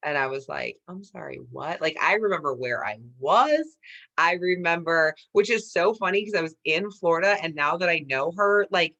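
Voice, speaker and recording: Animated woman telling her success story. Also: lowish voice, moderate pace, muffled recording. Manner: animated, addresses audience as "you guys". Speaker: network marketing leader. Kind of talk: motivational personal story.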